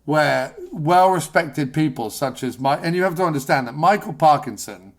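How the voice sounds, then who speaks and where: A man's voice: a little high, moderate pace. A British man hosting a podcast, chatting casually in a rambling, sardonic, jokey way. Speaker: podcast host. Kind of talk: casual chat.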